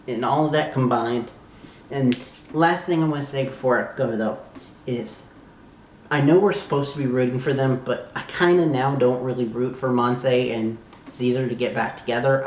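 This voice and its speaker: A young man from the southern United States talking casually as a YouTube reviewer, gushing and exclaiming like an excited fan who swears freely. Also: medium pitch, a little hiss or hum. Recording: echoey room.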